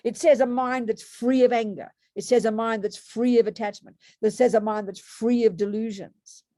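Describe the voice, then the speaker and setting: Lady teaching a buddhism class, warm low-key voice, keeps asking "haven't we?", dead dry mic. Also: steady tone, normal speed, no echo. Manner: conversational, with rhetorical tag questions and restarts. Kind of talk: dharma talk to students.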